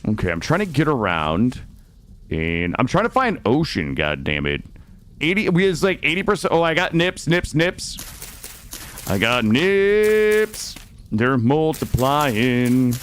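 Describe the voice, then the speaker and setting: A young man streaming a game, chatting casually with viewers, swearing often and swinging between loud remarks and muttering. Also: mid-range voice, very animated, moderate pace, slight background noise. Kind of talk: casual gameplay chat with viewers. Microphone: studio microphone.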